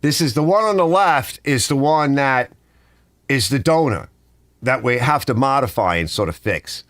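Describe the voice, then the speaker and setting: Animated rambling man in a garage. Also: medium pitch, moderate pace, no room sound, studio quality. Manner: rambling, animated storytelling with mimicked dialogue. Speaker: garage channel host. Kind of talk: casual livestream chat. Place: home garage workshop.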